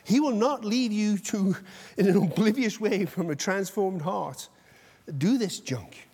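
A man delivers a sermon with an intense, animated energy, swinging from loud outbursts down to hushed asides. His voice sits high and carries a husky edge. The sound rings with the long reverb of a large hall. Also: measured pace. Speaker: pastor.

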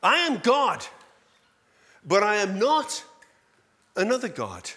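A man voicing a calm man earnestly arguing his case. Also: high voice, slow, voice pushed up, heavily acted.

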